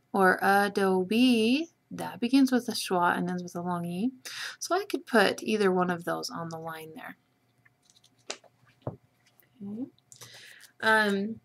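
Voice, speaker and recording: A woman teacher giving a patient spelling lesson to students over a webcam, slowly sounding out letters and syllables. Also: medium pitch. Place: room with a whiteboard. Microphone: webcam microphone.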